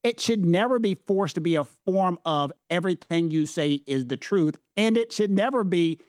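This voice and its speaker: A Southern US man with a fairly high voice breaks down legal questions in a casual chat. He leans on his stresses and repeats phrases for weight. The recording is dry and close. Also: animated, moderate pace, darkish tone, no echo. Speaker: legal analyst co-host.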